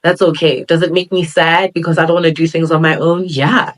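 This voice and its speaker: A woman's voice: deep voice, level tone, a little fast, low-quality recording. Earnest young woman podcast host. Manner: earnest, motivational, with playful quoted asides. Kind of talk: solo podcast talk.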